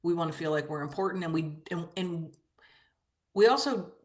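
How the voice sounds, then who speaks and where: A woman's voice: fairly low pitch, normal speed. Reflective, hesitant woman talking. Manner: reflective, hesitant, lots of restarts. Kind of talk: casual conversation.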